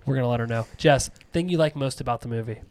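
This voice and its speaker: A man's voice: medium pitch, quick pace, slight background noise. A man hosting a casual movie podcast, joking and jumping between topics. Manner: joking, animated, jumps around. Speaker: podcast host.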